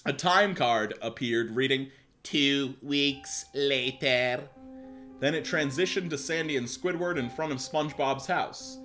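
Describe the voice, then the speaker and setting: Over soft background music, a young man streams live, reading a story aloud at a moderate pace with hardly any pauses in a fairly high, somewhat bright voice. He breaks off to laugh, mock, swear and talk to his chat, making it a casual reading full of joking asides.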